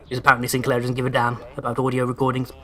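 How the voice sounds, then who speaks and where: A man's voice: medium pitch, monotone, very fast, sharp tone. A man giving casual gameplay commentary in a sardonic, sweary way, over-pronouncing his words. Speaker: let's play host.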